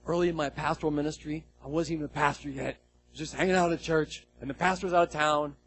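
A man preaching a sermon as pastor, telling a story with lively acted-out dialogue. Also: a little high, fast, slight background noise, poor audio. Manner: animated storytelling, acts out quoted dialogue.

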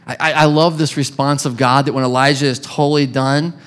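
A man preaching a sermon in a conversational, animated way, acting out little voices as he tells the story. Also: mid-range voice, brisk. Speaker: pastor.

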